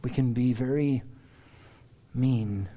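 A middle-aged male pastor preaching a sermon, telling stories in a lively, conversational way and often clearing his throat. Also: mid-range voice, takes it slowly. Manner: animated storyteller, conversational asides, frequent throat-clearing.

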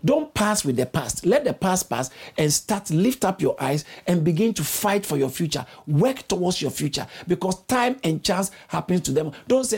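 A man preaching a sermon, urging his listeners on and repeating phrases, with his voice leaping high for emphasis. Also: lively intonation, moderate pace, creaky, few pauses, a little mellow, breathy edge.

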